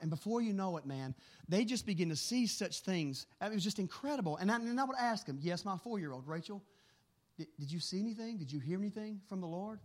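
A man preaching and telling stories in an earnest, animated way, often repeating words as he goes. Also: high voice. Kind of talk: storytelling sermon.

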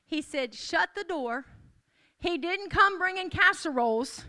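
Woman preacher, very high bright voice, declaring and repeating calls to a congregation. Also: expressive, measured pace. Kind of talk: sermon.

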